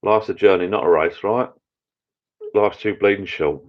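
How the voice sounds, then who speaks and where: A middle-aged man hosting a casual live chat with viewers from his backyard pub shed, rambling and getting easily excited. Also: deep voice, moderate pace. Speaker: channel host. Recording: dull lo-fi sound.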